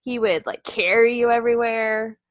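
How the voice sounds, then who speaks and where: A woman's voice: a little high, fairly even intonation, moderate pace, no room sound, highs cut off. A woman co-hosting a podcast in casual chat, playful and cheeky, laughing often. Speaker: podcast co-host.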